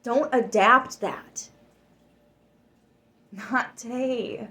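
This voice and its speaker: A woman's voice: on the high side, drawn-out words, sharp tone. A woman giving a tarot reading to her viewers. She talks emphatically, swears freely and gets worked up. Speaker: tarot reader.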